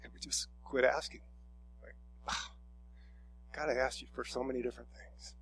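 A man's voice: medium pitch, flat delivery, normal speed, fairly bright tone, slight background noise. A middle-aged man preaching a sermon in a conversational, storytelling way, often restarting his sentences. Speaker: pastor.

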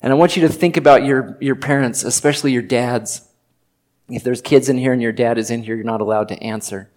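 A man's voice: medium pitch, fairly even intonation, fairly quick, a little mellow. A middle-aged man preaching a sermon, telling personal stories in an earnest, conversational way with occasional joking asides. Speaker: pastor.

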